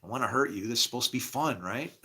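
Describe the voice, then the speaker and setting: A man's voice: medium pitch, pushed and bright, breathy edge. A middle-aged man talking candidly in a rambling, casual monologue, laughing often. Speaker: podcast host.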